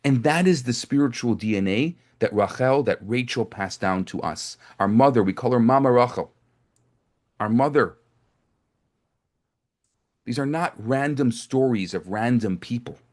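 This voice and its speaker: Rabbi telling stories in conversational sermon. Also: male voice, medium pitch, measured pace, darkish tone. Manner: conversational, with frequent restarts and repetitions. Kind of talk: storytelling sermon to a live group.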